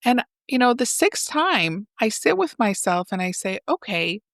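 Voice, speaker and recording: Gravelly-voiced woman therapist explaining. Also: on the high side, moderate pace, no echo, studio quality. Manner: animated, acts out example dialogues. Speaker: psychotherapist and relationship coach, guest. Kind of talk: explanatory interview talk.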